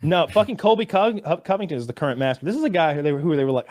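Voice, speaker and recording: A man on a podcast rambles through profane, animated stories, tripping over restarts as he goes. His voice sits a bit high for a man. It sounds dry and close on a studio mic. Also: very fast, hardly any pauses, dry recording. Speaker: podcast co-host. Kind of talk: casual podcast banter.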